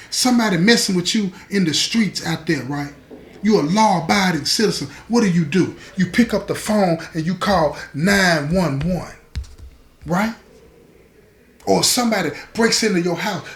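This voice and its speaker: Streetwise man telling a prison story. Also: roomy sound. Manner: streetwise, earnest, addresses listeners directly; drops softer and lower as the story turns grave. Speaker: storyteller host. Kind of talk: spoken storytelling to viewers.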